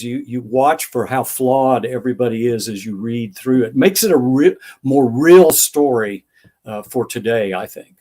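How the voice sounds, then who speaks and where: A man's voice: medium pitch, a little slow, dark tone. Older man telling anecdotes thoughtfully. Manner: thoughtful, acts out remembered dialogue. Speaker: author guest. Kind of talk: interview answers, anecdotal storytelling.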